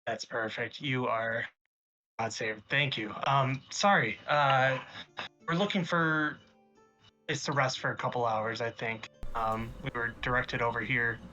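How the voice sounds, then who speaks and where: A man's voice: mid-range voice, steady tone, unhurried, sharp tone, faint music behind. A man playing a tabletop game, speaking in character in short, offhand lines. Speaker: player. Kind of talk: casual tabletop play.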